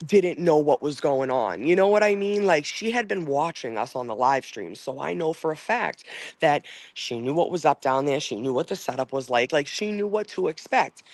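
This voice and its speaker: A man's voice: a little high, no echo. A man hosting a livestream, ranting in an angry, profane, rambling way with lots of fillers and answering chat comments. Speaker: livestream host. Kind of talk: casual livestream rant.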